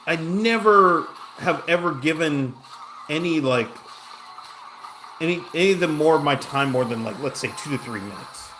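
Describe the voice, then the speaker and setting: A man's voice: fairly high pitch, fairly bright tone, a little hiss or hum. A man telling a long personal story in a casual, rambling way while he plays a game, with lots of restarts, asides and self-mocking jokes. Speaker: gaming streamer.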